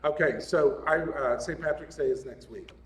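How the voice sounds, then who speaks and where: A male speaker gives a relaxed, joking sermon, chatting with the room and laughing often. His voice carries through a large echoing hall, picked up from a distance, with faint room sound underneath. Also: on the high side, moderate pace, noisy background. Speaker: guest speaker at a spiritual center. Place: large hall of a spiritual center.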